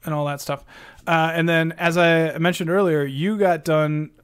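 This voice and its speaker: A young man with a fairly high voice tells loose, rambling stories on a podcast, often restarting his sentences. His voice is close and dry, with no room sound around it. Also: steady tone, moderate pace, a bit bright, clean tone, no echo. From Minnesota. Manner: rambling storyteller, many restarts. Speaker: podcast co-host. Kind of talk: casual chat.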